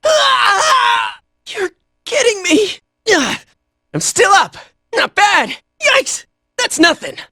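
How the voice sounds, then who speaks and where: A woman voicing a brash, cocky young fighter in a video game, shouting short battle cries and jokey taunts. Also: extremely high pitch, wildly swooping pitch, takes it slowly, pauses often, no echo, studio quality, full character voice. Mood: startled.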